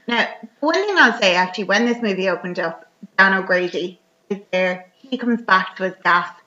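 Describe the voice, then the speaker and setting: An Irish woman with a bright, forward voice rambles through a movie plot in casual podcast chat, full of fillers. The recording is dull and lo-fi. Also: medium pitch, animated, normal speed.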